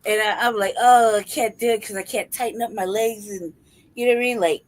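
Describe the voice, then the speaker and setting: The recording is rough, carrying a young woman's mid-range, fairly quick voice as she co-hosts a podcast. Casual and chatty, she tells tales with heavy swearing, lively delivery, and lots of laughter.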